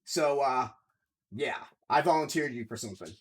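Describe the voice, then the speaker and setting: A man streaming a video game from home, chatting casually with viewers, excitable and swearing freely, breaking into loud outcries. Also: mid-range voice, moderate pace. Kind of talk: casual live-stream chat.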